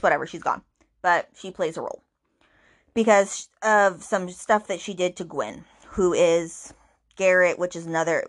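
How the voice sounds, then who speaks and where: Chatty woman recapping a book. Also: on the low side. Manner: chatty, rambling, with fillers and acted-out quotes. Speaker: book podcast host.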